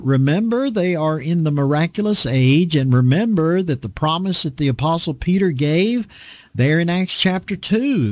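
Man preaching, slow and deliberate, slightly high voice, dry close sound. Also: darkish tone, no echo. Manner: slow, deliberate reading with frequent fillers. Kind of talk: Bible study sermon.

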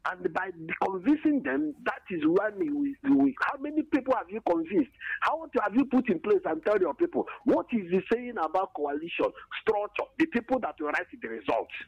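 A man's voice: extremely high pitch, sing-song, normal speed, creaky, few pauses, husky, no echo. A man with a Nigerian accent calling in to a radio show, pleading emotionally and repeating himself. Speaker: radio caller. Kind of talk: impassioned call-in complaint. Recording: muffled phone line.

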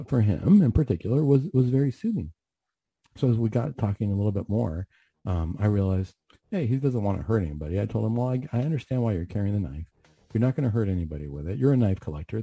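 A man's voice: lowish voice, dark tone, breathy edge, dry recording. A man who hosts a faith radio show and works as a clinician, telling a story in an earnest, conversational way and often restarting his phrases. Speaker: radio host and mental health clinician.

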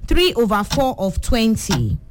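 A woman hosting a children's call-in radio quiz, brisk and encouraging, repeating each question for the young callers. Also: a little high, huge pitch swings, noisy background. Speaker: radio quiz show host.

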